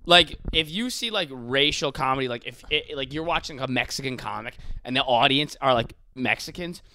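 A man's voice: medium pitch, expressive, moderate pace, bright, forceful tone, no room sound. A male comedian in casual, profane chat, rambling with lots of fillers and breaking into impressions. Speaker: comedian, podcast co-host.

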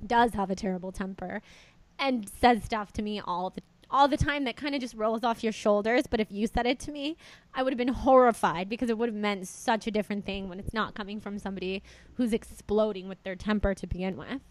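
A woman's voice: mid-range voice, a little fast, no echo, rough recording. Young female podcast host, gushing and dramatic, dry close mic. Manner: excitable, chatty, exaggerating. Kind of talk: casual chat.

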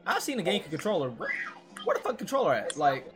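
A young man hosting a podcast, telling a story in an animated, profane way and laughing through it. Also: a little high, quick pace, over music. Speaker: podcast host.

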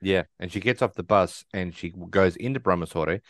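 A man's voice: sits low, a little fast, fairly bright tone, no room sound, studio quality. A man co-hosting a podcast, casually retelling a movie's plot and acting out the characters' lines. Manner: rambling, restarts and acts out quotes. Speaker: podcast co-host. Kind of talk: casual movie recap chat.

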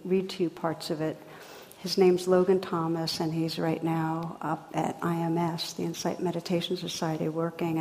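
A woman meditation teacher gives a dharma talk in a somewhat low voice, gentle and reflective. Her phrasing is unhurried and full of pauses. A long reverb trails behind her words in a large hall.

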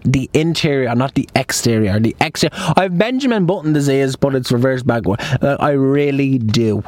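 A man talks casually on a podcast recorded in a parked car. He rambles and restarts his sentences easily. His pitch sits squarely in the middle. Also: expressive, brisk, a little mellow. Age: 20s. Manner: chatty and rambling, many restarts, retells a film scene with acted lines. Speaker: podcast host. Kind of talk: casual chat.

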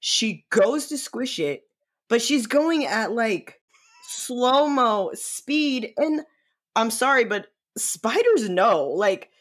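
A man co-hosting a podcast, telling an animated anecdote in casual chat and swearing as he builds it. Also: very high voice. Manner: animated, profane anecdote-telling with dramatic pauses. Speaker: podcast co-host. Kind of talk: casual storytelling.

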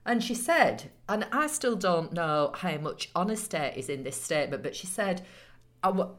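Low-voiced woman, wry. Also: animated, fairly bright tone. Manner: wry, measured storyteller, laughs easily. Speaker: podcast co-host. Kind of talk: casual storytelling chat.

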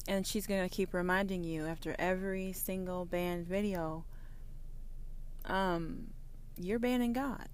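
A woman hosting her own podcast, talking in a defiant, profane, preachy monologue that swings between quiet musing and loud outbursts. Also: lowish voice, steady tone, a little slow, clear, resonant tone. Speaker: podcast host.

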